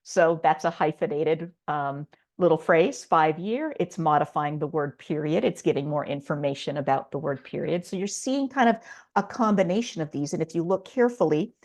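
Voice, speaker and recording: A woman's voice: low voice, moderate pace, darkish tone. A middle-aged woman teaching a writing lesson online, explaining step by step in a patient way with a few fillers. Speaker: writing instructor.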